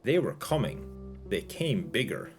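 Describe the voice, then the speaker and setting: Man reading as a frightened childlike young woman, short simple sentences, low voice, lively pitch, soft guitar behind. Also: a little slow. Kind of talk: audiobook-style reading.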